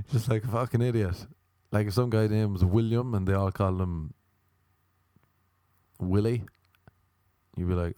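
A man's voice: fairly low pitch, moderate pace, a little mellow, no echo. Man, comic rant, sweary and self-mocking, dry close mic. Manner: rambling, profane, self-mocking. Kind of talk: casual comic monologue.

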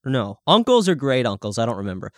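A young man co-hosts a podcast, chatting casually, swearing a lot and breaking into little sung jingles. His medium-pitched voice talks fast with big pitch swings, recorded in studio quality with no room sound.

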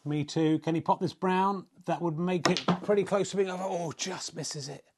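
A man's voice: sits high, normal speed, background noise. Wry mock snooker commentator, a man. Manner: wry, self-mocking, swears in mock exasperation.

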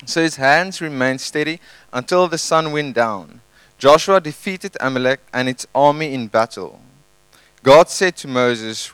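A male pastor giving a conversational, animated sermon and retelling a scripture story in his own words. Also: mid-range voice, measured pace, smooth, dry recording, low-quality recording. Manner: conversational, animated, tag questions.

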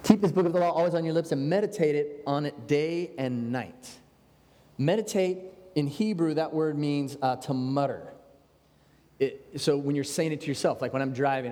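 An American man preaching a sermon in a conversational, animated way, with quoted asides. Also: fairly high pitch, brisk. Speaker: pastor. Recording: long hall reverb.

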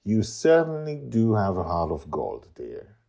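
A man reads the part of a kindly grandmother in her later years, speaking softly and gently in an audio storybook. Her voice sits fairly low and lilts with lively ups and downs. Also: measured pace, creaky, heavily acted. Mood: gentle. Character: kindly grandmother, older woman.

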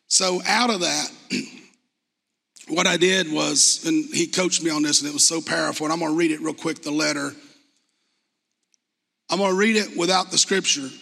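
A man with a high, bright, ringing voice shares his testimony from the pulpit. He talks earnestly and conversationally, then reads scripture aloud, and his words trail into a long church reverb. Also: steady tone, moderate pace, vocal fry, long pauses. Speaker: church speaker giving testimony. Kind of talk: sermon testimony. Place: church hall.

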